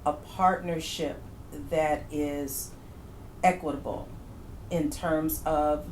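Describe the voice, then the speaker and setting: A female writer speaks in an interview in a measured, reflective way. Her voice is low-pitched. It echoes in the room, with faint noise underneath. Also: fairly even intonation, a little mellow. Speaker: comedy writer.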